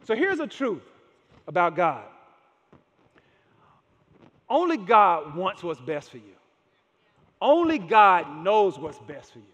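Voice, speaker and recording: A man with a very high voice delivers a sermon, pressing home his points by repeating key phrases. His words ring out with a long reverb through a large church sanctuary. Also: a bit bright. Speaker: pastor.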